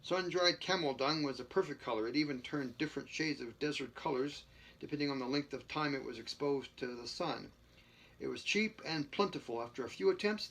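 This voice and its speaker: Man reading aloud with asides, bright and a bit high, folksy and loose. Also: husky. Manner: stumbles and restarts, chuckles, adds jokey remarks between passages. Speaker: reader.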